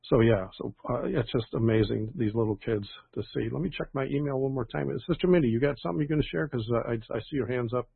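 Older male pastor, husky and gravelly, rambling chat over a dry phone line. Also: medium pitch, quick pace, hardly any pauses, no room sound. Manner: rambling, chatty, with many fillers and restarts. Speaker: pastor leading an online prayer call. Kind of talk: casual reading and comment on praise reports.

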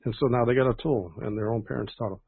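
A man's voice: mid-range voice, quick pace, slightly rough, no echo. An older man, a pastor leading an online prayer call, chatting and reading praise reports in a rambling way with many fillers. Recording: tinny phone-line audio, dry.

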